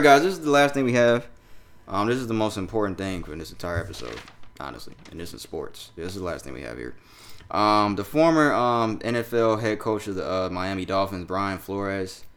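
A young man hosting a casual sports chat, loose and animated, swearing freely as he talks through the news. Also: lowish voice. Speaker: podcast host.

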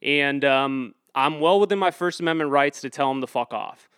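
A man's voice: mid-range voice, moderate pace, fairly bright tone, smooth, no room sound. A man telling a story in an interview, rambling with lots of fillers and restarts, and getting heated and emphatic as he goes. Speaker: activist guest.

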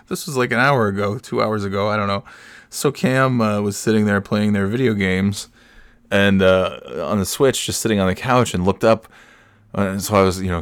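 Low-voiced, rambling podcast host. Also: male voice, brisk, smooth, no room sound. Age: 40s. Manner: rambling, self-amused, chuckles often. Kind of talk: casual storytelling.

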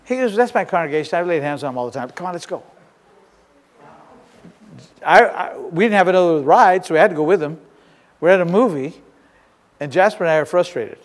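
Male pastor, high-pitched, animated storyteller; long church reverb. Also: fast. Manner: storytelling, animated, swings between loud and hushed. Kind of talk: sermon. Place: church sanctuary. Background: congregation shouting.

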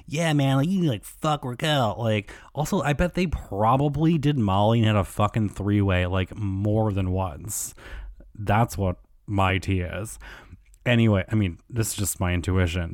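Man, podcast host, lowish voice, rambling gossip, casual, swears a lot, dry close sound. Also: a little mellow, no room sound. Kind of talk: casual solo gossip monologue.

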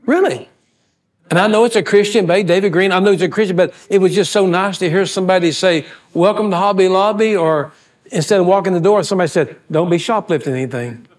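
A man preaching a sermon as pastor, telling folksy, animated stories and acting out the voices of people in them. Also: sits high, quick pace. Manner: folksy, animated storyteller who acts out quoted voices. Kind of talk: storytelling sermon.

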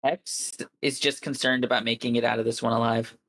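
Gravelly-voiced man playing a tabletop game. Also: medium pitch, flat delivery, a little fast, fairly bright tone, poor audio. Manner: giggly, describes his character's reactions. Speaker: player.

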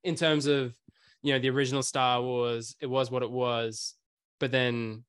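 A man hosts a relaxed chat and rambles through his stories, leaning on "like" and "um". His voice sits at an ordinary pitch for a man. The sound is close and dry, with no room around it. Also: normal speed, smooth, dry recording. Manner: rambling storyteller, lots of fillers. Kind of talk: casual chat.

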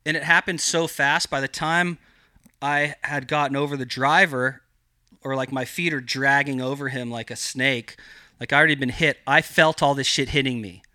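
Dude rambling thru a wild story on a podcast, swears nonstop, bright punchy voice, dry close mic. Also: male voice, mid-range voice, fairly even intonation, normal speed, no echo. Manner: heavy swearing, rambling with lots of filler. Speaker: podcast guest, cannabis grower. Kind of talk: casual storytelling.

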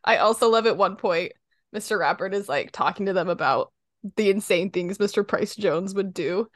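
A woman's voice: mid-range voice, normal speed, a bit bright, dry recording, clean studio sound. A young woman co-hosting a casual podcast, gushing about an episode, often laughing and quoting lines. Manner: giggly and gushing, breaks into laughter and quotes lines in a put-on voice. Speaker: podcast co-host. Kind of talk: casual podcast chat recapping a cartoon episode.

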